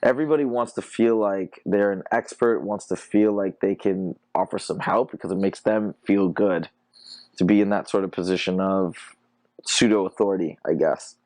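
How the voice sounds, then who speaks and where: A man's voice: sits low, moderate pace, darkish tone, dry recording. A young man hosting a dating-advice podcast in a casual monologue, laid-back and laughing often as he tells stories. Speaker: dating coach podcast host.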